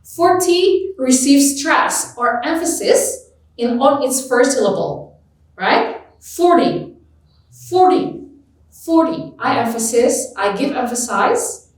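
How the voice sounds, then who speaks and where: A woman, a native Indonesian speaker, teaching an English test lesson, slowly repeating example words with clear stress. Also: sits high. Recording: echoey room, voice far from mic.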